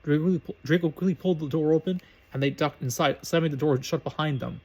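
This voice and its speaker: Man reading a story aloud, fast, fairly high voice, brisk with restarts. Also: a little mellow, husky, lo-fi sound. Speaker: reader of fan fiction.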